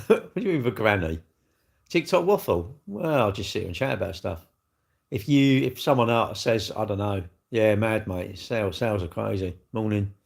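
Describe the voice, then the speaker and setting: A man's voice: lowish voice, sing-song, normal speed, gravelly. An older man, hosting a casual livestream and chatting bluntly and jokily as he answers viewers' comments. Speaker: livestream host. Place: indoors, seated.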